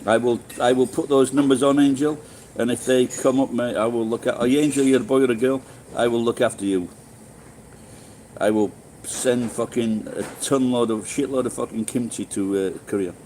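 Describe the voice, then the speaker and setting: A man's voice: mid-range voice, fairly even intonation, moderate pace, darkish tone, slight background noise, rough recording. Rambling Sheffield man chatting on stream. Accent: Sheffield English. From England. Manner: rambling, swears freely, frequent restarts. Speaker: live streamer. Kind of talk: casual live-stream chat answering viewers.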